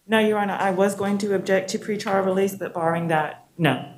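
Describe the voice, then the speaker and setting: A woman's voice: medium pitch, brisk. A woman acting as prosecutor, speaking briefly and formally to the judge.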